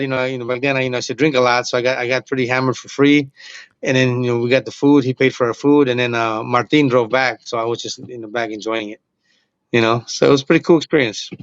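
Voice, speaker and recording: Talking fast in a medium-pitched voice, a forties-aged comedian guest spins a story during a casual conversation, animatedly performing the quoted lines. The dry, muffled lo-fi audio has no room sound.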